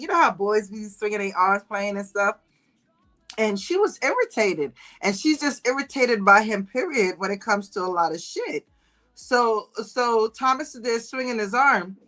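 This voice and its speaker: Gossiping casually to her livestream viewers, the host tells stories animatedly, pitching her voice higher for quoted lines and laughing a lot. The audio quality is rough.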